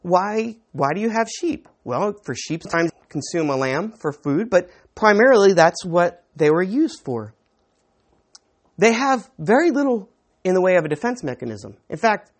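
A man preaching to a live audience in a room. His pitch swings widely as he teaches in a chatty way, posing rhetorical questions and often restarting phrases. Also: sing-song, moderate pace. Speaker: pastor. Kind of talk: sermon.

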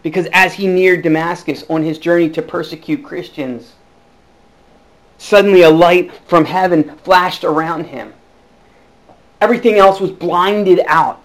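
A man. He is earnest, dropping to near-hushed tones before rising into emphatic bursts. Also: high-pitched, unhurried, poor audio. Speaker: pastor. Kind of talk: sermon.

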